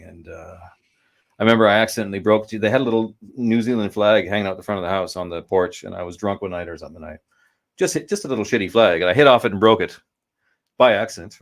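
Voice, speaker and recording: Low-voiced man telling rambling stories. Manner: rambling, profane storytelling. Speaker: livestream co-host. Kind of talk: casual livestream chat. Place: lived in Vancouver.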